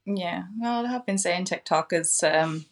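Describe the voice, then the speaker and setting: A woman's voice: lowish voice, a little slow. A woman co-hosting a casual podcast, hesitant at times, teasing and laughing a lot. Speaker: podcast co-host.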